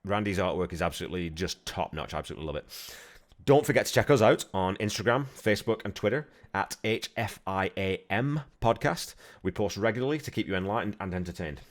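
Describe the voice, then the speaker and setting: A man hosting a music podcast in a casual, chatty way, turning animated when he retells a story. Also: low-pitched, fast. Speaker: podcast host. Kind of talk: casual podcast chat and outro.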